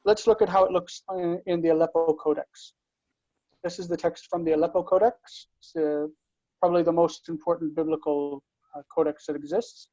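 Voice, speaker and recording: Man teaching hebrew online, patient, warm mellow voice, dry dull call audio. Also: fairly high pitch, steady tone, dry recording. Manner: slow, patient explaining with frequent checks for understanding. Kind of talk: online class lesson.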